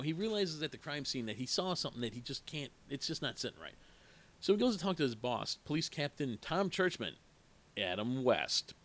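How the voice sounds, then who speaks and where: A man's voice: mid-range voice, fairly bright tone. A man casually retelling the plot of an eighties horror movie, rambling with asides and acting out the characters' lines. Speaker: movie reviewer.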